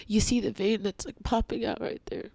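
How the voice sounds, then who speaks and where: A woman vlogger in an angry confessional rant, heavy with swearing, swinging between hushed whispers and shouting. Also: medium pitch, steady tone, normal speed, creaky, no room sound.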